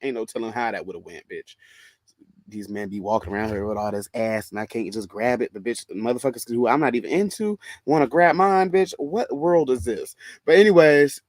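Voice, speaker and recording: A man with a Southern US accent telling a story in a casual monologue, animated, sassy and full of profanity. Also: mid-range voice, brisk, no echo. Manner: animated, profane, sassy, calls listener "bitch" and "girl".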